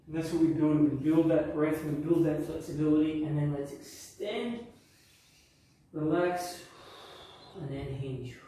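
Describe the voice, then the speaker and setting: A man leading a power yoga class with calm, encouraging step-by-step cues. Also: a little high, unhurried, heavy reverb, far from the mic, slight background noise, low-quality recording. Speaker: yoga instructor. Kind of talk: guided workout instruction.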